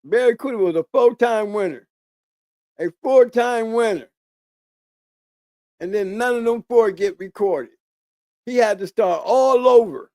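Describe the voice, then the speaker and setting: A man's voice: sits high, normal speed, a little mellow, no echo, studio quality. A man hosting a channel in a casual, rambling monologue, hammering points home by repeating key words. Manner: rambling with restarts. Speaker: channel host.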